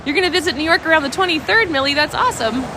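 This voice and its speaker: Walking a village street outdoors, this travel livestream host talks very fast in a high, expressive voice against a noisy background. She's bubbly and answers viewers' comments as she goes, a little sniffly with a cold.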